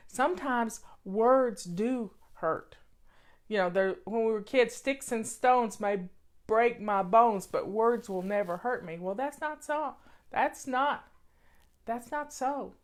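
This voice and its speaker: A woman talking casually to her viewers at home over afternoon tea, earnest and repeating her points for emphasis. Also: mid-range voice. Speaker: vlogger. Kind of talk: casual talk to camera.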